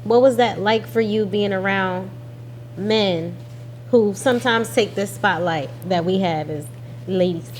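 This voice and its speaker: A woman's voice: mid-range voice, unhurried, a little mellow, a little hiss or hum. A woman hosting a casual interview, asking questions in an upbeat, affirming way. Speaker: interview host.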